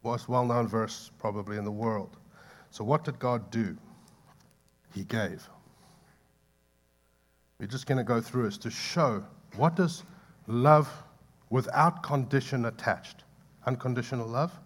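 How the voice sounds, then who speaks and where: Male pastor mid-sermon, impassioned, swings loud to soft, mid-pitched. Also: measured pace, long pauses. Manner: impassioned, building to loud pleading peaks then dropping soft; conversational asides to the congregation.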